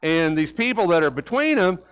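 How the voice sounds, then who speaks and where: A man's voice: high voice, big pitch swings, a little fast, a bit bright, smooth, rough recording. A middle-aged man preaching a conversational sermon in a church, folksy, with rhetorical questions and a personal story. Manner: folksy, rhetorical questions, repeats words while talking. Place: church sanctuary.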